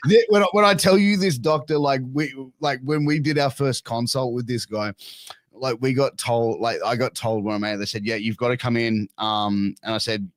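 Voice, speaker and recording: A man's voice: mid-range voice, fairly even intonation, normal speed, dry recording. A man in his thirties with an Australian accent, telling a crude story in casual chat and swearing a lot. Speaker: podcast guest.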